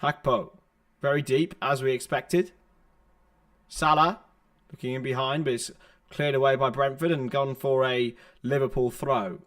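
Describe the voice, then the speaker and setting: A man's voice: mid-range voice, a little slow. Young guy doing running footy commentary on a stream, chatting to viewers, laptop mic. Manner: steady running play-by-play, chatty asides to viewers. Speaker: livestream watchalong host. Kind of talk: live football play-by-play commentary. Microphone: laptop's built-in microphone.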